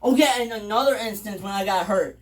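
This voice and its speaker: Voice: medium pitch, a little fast, background noise. A speaker telling rambling stories in a casual, profane way, repeating phrases and calling the listener "bro.". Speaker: storyteller. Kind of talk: casual storytelling. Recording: voice a bit distant from mic.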